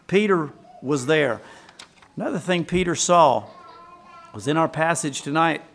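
A man's voice: a little high, lively intonation, moderate pace, a bit bright. A man preaching a sermon, retelling scripture as a story and asking the congregation questions.

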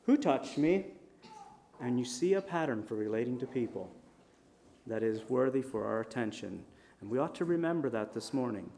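A man preaching a sermon in a conversational storytelling manner, with lively shifts in volume. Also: mid-range voice, fairly quick, gravelly, a little hiss or hum. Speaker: pastor.

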